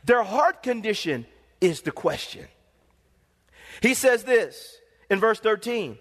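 A man's voice: high-pitched, very animated, slow pace, long pauses. A male pastor preaching a sermon in an emphatic, repetitive, call-and-response manner, with a long hall reverb.

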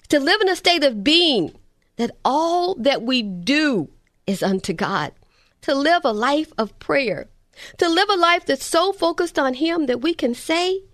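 A middle-aged woman preaching a sermon, emphatic, slowing and dropping low on key words and repeating lists. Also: fairly bright tone, no echo, studio quality.

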